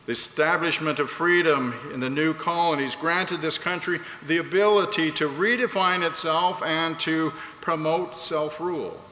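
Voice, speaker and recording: A man's voice: on the high side, normal speed, hardly any pauses, sharp tone. A man preaching a sermon in a large hall, earnest and rhetorical, reading quotes aloud. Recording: echoey hall, faint background noise.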